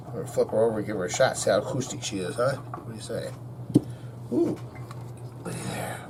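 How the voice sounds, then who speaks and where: A man's voice: lowish voice, fast, noisy background. A man narrating casually in his guitar repair workshop, folksy and easygoing, talking to himself and the viewers as he works. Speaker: guitar repair shop owner.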